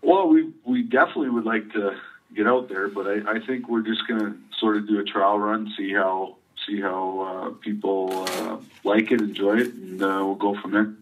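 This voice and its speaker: A man's voice: lowish voice, steady tone, normal speed, highs cut off. A man from Canada speaking as an interview guest over the phone, modest and hesitant with many fillers.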